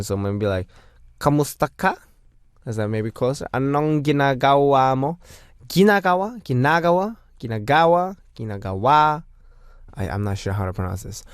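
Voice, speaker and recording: A man's voice: mid-range voice, clear, resonant tone, no room sound, studio quality. A man hosting a radio show, chatty and joking as he reads out messages and introduces songs. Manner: playful, chatty, jokey. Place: radio studio.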